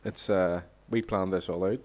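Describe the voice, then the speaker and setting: Man, poet, slightly low pitch, joking, hesitant, restarts. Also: steady tone, normal speed, a little mellow. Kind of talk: casual chat at a literary reading. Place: theatre stage.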